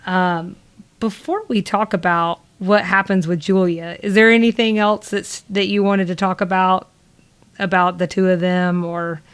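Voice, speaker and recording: A woman's voice: on the low side, fairly even intonation, measured pace, clean tone. A woman with a Southern US accent co-hosting a casual podcast chat, rambling with lots of fillers and laughs. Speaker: podcast co-host.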